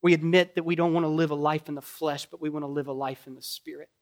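A middle-aged man with a Kentucky accent preaching a sermon, rising loud when pleading and dropping soft and low in prayer. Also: steady tone, fast. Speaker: pastor.

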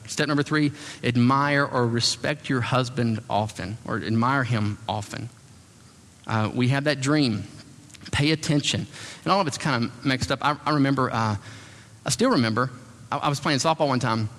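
A man preaching as a pastor, telling stories and acting out the voices of the people he quotes. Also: mid-range voice. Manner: animated, acts out quoted voices. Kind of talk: sermon with storytelling. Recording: long hall reverb.

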